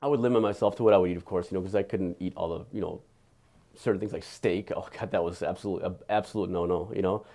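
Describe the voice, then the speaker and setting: A man giving an earnest, candid patient testimonial, halting and often repeating his words. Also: low voice, steady tone, warm tone.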